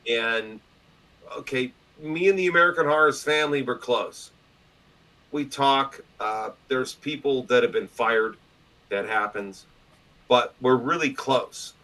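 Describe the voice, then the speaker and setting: A publisher appearing as a podcast guest tells stories in a casual interview, loud, profane and animated, slipping into other people's voices. His mid-range voice is unhurried, and the audio is poor.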